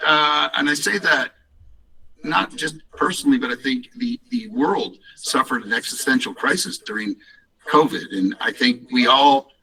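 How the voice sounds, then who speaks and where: A man walks listeners on a call through his company's products in a loose, upbeat way, stopping and restarting often. His voice is very bright and sounds a little distant from the mic. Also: mid-range voice, lively intonation, moderate pace. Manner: rambling, upbeat, many restarts and fillers. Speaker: company founder presenting products. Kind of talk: casual business presentation on a call.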